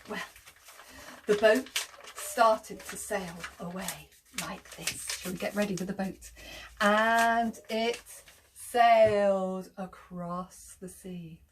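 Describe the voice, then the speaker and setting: A woman telling an interactive children's story, animated, gasping often, making sound effects and inviting the children to join in. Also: mid-range voice, slow, noisy background.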